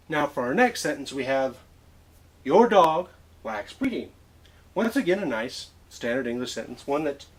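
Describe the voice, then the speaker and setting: A man's voice: fairly high pitch, husky. A man giving a mock-pompous comic lecture in an exaggerated professor voice. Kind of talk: mock classroom lesson.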